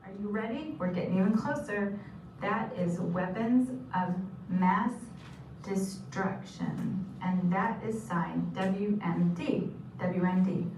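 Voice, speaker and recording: A woman's voice: medium pitch, a little mellow. Woman, sign language teacher, patient repetition, distant mic, background noise. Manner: patient, repeats each term slowly. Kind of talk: instructional explanation. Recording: echoey room from a distance with noise.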